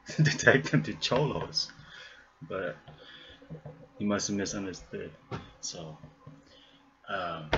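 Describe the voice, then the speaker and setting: A man's voice: lowish voice, fairly bright tone. A man telling a long joke, laughing often as he goes, recorded on a webcam with dull lo-fi sound.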